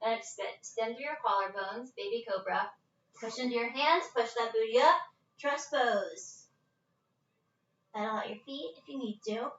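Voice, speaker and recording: A woman's voice: on the high side, normal speed, fairly bright tone, roomy sound, recorded from a distance, dull audio. Breathless woman leading yoga at home. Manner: casual, chatty, breaks into laughs. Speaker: yoga instructor. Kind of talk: live-streamed yoga class instruction. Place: her living room at home. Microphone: phone set at a distance.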